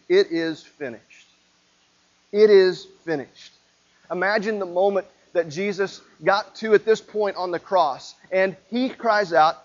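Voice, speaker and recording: A man's voice: a little high, muffled recording. A male pastor preaching a sermon in a conversational way, often repeating and restarting his words.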